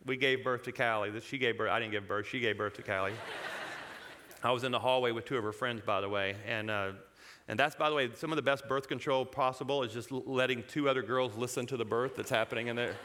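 A man speaking to a congregation, telling a personal story in an animated way, chuckling and breaking off his own sentences. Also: medium pitch, brisk, a little hiss or hum.

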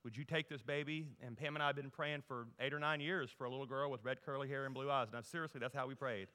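A middle-aged man from Louisiana, preaching a humorous storytelling sermon that moves from loud to hushed. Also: mid-range voice, fast talker, clear, resonant tone. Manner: animated, humorous, folksy, shifts from loud to hushed. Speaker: guest preacher. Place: church sanctuary. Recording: long reverb in a large hall.

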